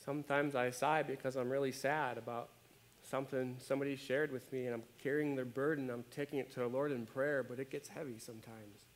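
A man preaching a sermon as pastor, conversational and animated, often checking in with his listeners. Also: medium pitch, fairly quick. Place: church.

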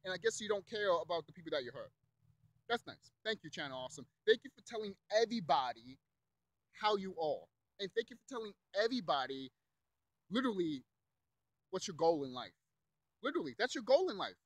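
A man's voice: sits high, very animated, fairly quick, dry recording, low-quality recording. A young man delivering a heated, profane rant, repeating himself and mocking others in put-on voices. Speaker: YouTube commentator. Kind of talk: angry rant.

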